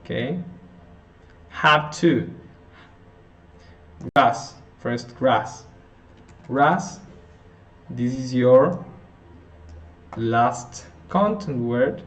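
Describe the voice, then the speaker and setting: A man teaching an intonation lesson, working through example sentences slowly, often restarting and correcting himself. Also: medium pitch, animated. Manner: slow, halting, with frequent restarts and self-corrections. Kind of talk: phonetics lesson explanation.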